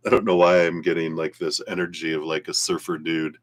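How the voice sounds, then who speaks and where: A man with a very low voice gives a live tarot reading. He talks casually and wanders from thought to thought, laughing easily. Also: fairly even intonation, brisk. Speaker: tarot reader.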